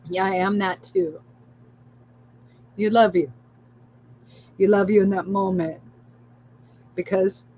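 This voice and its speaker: A woman's voice: medium pitch, darkish tone, a little hiss or hum, rough recording. Soothing woman guiding a spiritual livestream. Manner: soothing, repetitive affirmations with swearing and laughter. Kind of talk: live spiritual guidance talk.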